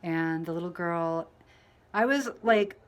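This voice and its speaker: A woman vlogging casually to camera, telling a rambling story full of fillers and restarts, mostly quiet and low, getting louder when she acts out what people said. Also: slow. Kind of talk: casual storytelling to camera while dyeing her hair.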